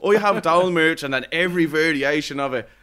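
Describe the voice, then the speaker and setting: A man's voice: fairly high pitch, fast talker, bright, forceful tone, clear, resonant tone. A young man with a Dublin accent chatting casually as a streamer guest, rambling and swearing with lots of fillers. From Ireland. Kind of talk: casual podcast chat.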